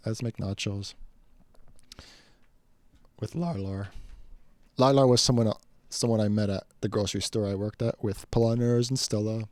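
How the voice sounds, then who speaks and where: A man tells a casual personal story in a chatty, rambling way, acting out the people in it. His voice sits low and mellow. The recording is dry and close. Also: steady tone, moderate pace, pauses often, dry recording.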